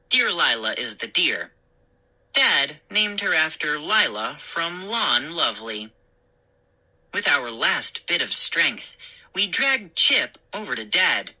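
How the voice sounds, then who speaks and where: A woman reading a children's story aloud in an expressive, unhurried way. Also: low-pitched, rough recording.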